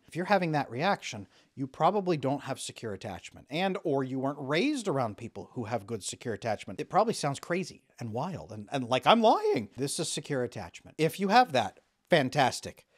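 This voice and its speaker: A man's voice: a little high, fairly quick, hardly any pauses. A man coaching on relationships, talking straight to the camera and acting out the inner voices of the people he describes. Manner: animated, acts out quoted inner voices. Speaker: attachment coach. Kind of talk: direct-to-camera explainer.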